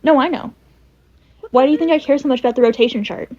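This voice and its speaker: A woman's voice: high voice, quick pace, slight background noise. A young woman chatting casually on a podcast, emphatic and repeating words. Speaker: podcast co-host. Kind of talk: casual chat. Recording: dull lo-fi recording.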